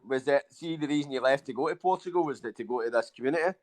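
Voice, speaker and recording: A man talks at a very fast pace as host of a live video-call interview. He drops aye and innit into his questions, keeping them short and chatty. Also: medium pitch.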